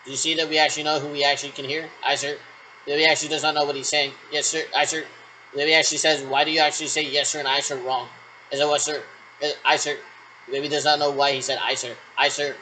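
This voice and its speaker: A man's voice: a little high, flat delivery, quick pace, sharp tone, a little hiss or hum, rough recording. A man rambling through make-believe radio checks in a solo role-play, leaning on the word "actually" again and again. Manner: rambling, repeats "actually" often. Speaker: vlogger doing pretend radio checks. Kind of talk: solo role-play talking to imagined callers.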